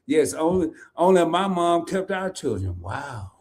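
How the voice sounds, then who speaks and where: A middle-aged man hosting a casual live stream, talking in a playful, animated way and laughing often. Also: on the high side, a little slow. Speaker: host.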